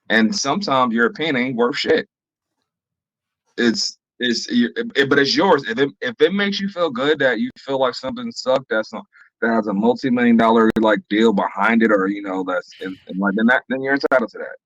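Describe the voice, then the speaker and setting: A man chatting casually on a podcast, rambling and halting as he talks. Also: mid-range voice, fairly bright tone, no room sound, highs cut off. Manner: rambling, halting, with restarts and laughs. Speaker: podcast guest. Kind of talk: casual chat.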